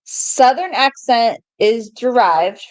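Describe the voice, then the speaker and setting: A woman's voice: on the high side, lively intonation, slow pace, no echo, rough recording. A woman co-hosting a podcast, telling stories in casual banter and laughing as she talks. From United States. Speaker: podcast co-host.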